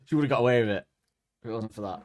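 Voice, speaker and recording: A man's voice: medium pitch, racing, no echo, studio quality. A man, co-hosting a podcast and chatting casually, joking and acting out quotes. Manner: animated, jokey, acts out quotes. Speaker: podcast co-host. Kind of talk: casual comedic chat.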